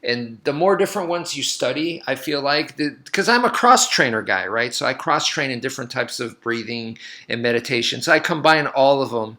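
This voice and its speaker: A man's voice: medium pitch, a little fast, hardly any pauses. A man who teaches martial arts, talking casually in a loose, rambling way and acting out his own past reactions. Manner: rambling, animated storytelling with laughs. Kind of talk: casual monologue.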